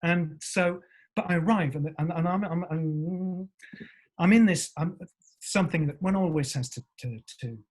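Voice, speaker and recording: Male actor from england, husky voice, animated storytelling, acts out voices, swears. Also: fairly high pitch, moderate pace. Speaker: actor guest.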